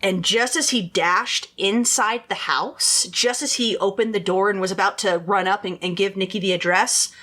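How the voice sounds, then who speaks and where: A woman of middling pitch narrates a true-crime case in a loose, conversational way. She fills her sentences with "like" and "you know" and turns to her listeners directly. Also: fairly even intonation, moderate pace, hardly any pauses, bright, forceful tone. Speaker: podcast host. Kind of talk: casual true-crime storytelling.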